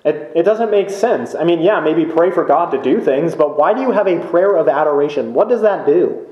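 A man preaching a sermon in a church, slow and emphatic, with many rhetorical questions. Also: a little high, lively intonation, roomy sound, dull audio. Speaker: pastor. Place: church sanctuary.

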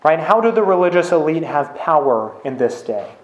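A male pastor delivers a sermon in a casual, conversational way, often tossing in "right?" to check in with listeners. His voice sits a little high for a man. The sound carries a noticeable room echo. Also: very animated, normal speed, highs cut off. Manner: conversational, with frequent "right?" tag questions. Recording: echoey room.

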